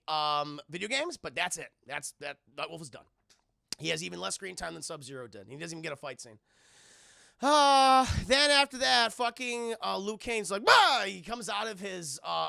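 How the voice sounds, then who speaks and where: A young man streaming a casual, profane, animated film recap to his chat. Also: high-pitched, gravelly, dry recording, clean studio sound. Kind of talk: casual live-stream commentary.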